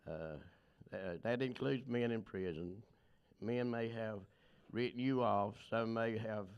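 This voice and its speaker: An older man giving a plainspoken, emotional personal testimony at a recovery meeting, rambling with many pauses and fillers. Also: on the low side, smooth.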